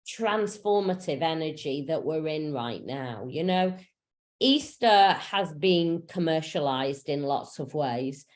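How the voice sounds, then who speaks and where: A woman spiritual coach teaching in a casual, frank way, full of fillers and the odd swear word, over a video call. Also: fairly low pitch. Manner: frank and chatty, swears freely, many fillers.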